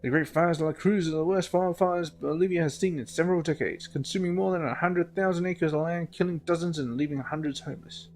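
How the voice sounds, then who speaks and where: A man's voice: on the high side, a little fast, hardly any pauses, darkish tone, soft background music. A man hosting a game let's play, joking and laughing as he reads in-game documents aloud. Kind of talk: casual gameplay commentary, reading in-game documents.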